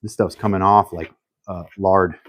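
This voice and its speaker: This is a humble, slightly halting man thinking aloud while working on a casual live stream. He restarts often, and his voice sits low with a steady, somewhat bright tone.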